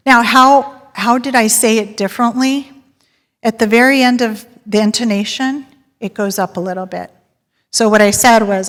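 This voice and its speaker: Lively woman presenter in an echoing hall. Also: on the high side, normal speed. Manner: lively storyteller, polls the audience and laughs often. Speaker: sales director giving a talk. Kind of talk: live presentation to an audience. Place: large hall with audience. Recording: long hall reverb.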